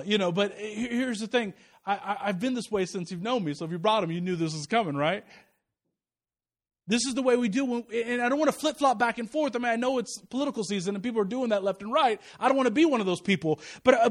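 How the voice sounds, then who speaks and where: A man, a pastor, preaching a sermon, reading scripture slowly and with emphasis and often restarting his words. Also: high-pitched.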